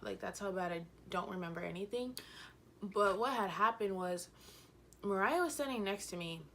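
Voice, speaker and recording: Young woman vlogger, bright chatty voice, rambling and giggly, slight hiss behind. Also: mid-range voice. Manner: rambling, giggly, full of fillers. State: a little out of breath. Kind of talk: casual storytime chat.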